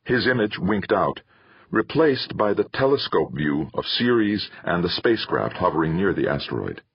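Deep husky male audiobook narrator. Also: normal speed, no echo. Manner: dramatic, lively reading. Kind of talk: scripted narration of a sci-fi novel. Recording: slightly muffled.

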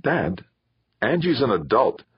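A man voicing an eager young man, pitched higher. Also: big pitch swings, takes it slowly, breathy edge, no echo, highs cut off, full character voice. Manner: eager, pleading.

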